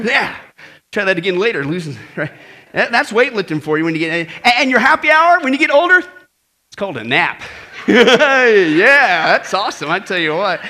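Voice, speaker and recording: A man preaching a sermon with jokes, animated and laughing often, calling out to the congregation. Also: extremely high pitch. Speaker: pastor. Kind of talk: humorous sermon.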